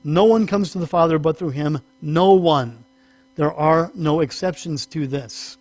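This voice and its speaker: Speaking a little slowly in a darkish tone, a man preaches a teaching sermon as a pastor. He keeps it conversational, self-corrects, and raises his pitch for emphasis, with no room sound.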